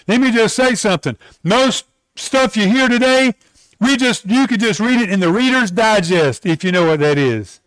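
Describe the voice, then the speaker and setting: A male preacher with a high, light voice, earnest and direct as he urges his listeners on. He slows right down to lean on each line of scripture. The sound is close and dry, with no room echo. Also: animated, fairly bright tone. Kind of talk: sermon.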